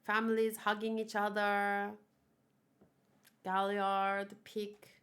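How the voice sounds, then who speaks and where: A woman's voice: medium pitch, completely flat delivery, takes it slowly, fairly bright tone. A woman hosting a casual manga read-along, chatting and musing over the pages as she reads the characters' lines aloud.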